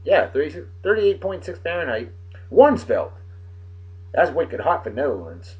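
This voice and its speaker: A man's voice: fairly high pitch, very animated, normal speed, darkish tone. A man with a Massachusetts accent hosting a casual beer video, reading this-day-in-history facts with profane, wisecracking asides. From Martha's Vineyard, Massachusetts. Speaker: host of a daily beer video. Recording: dull lo-fi recording.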